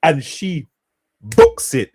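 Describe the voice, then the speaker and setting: A man's voice: on the high side, wildly swooping pitch, very slow, darkish tone, breathy edge. Rambling, hesitant podcast co-host man. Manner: rambling, hesitant, many restarts and fillers. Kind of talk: casual chat. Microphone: studio podcast mic.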